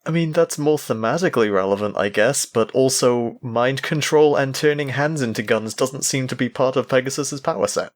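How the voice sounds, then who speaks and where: A man's voice: mid-range voice, normal speed, few pauses. A man co-hosting a podcast, chatting casually in a wry, laid-back way. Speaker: podcast co-host. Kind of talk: casual chat.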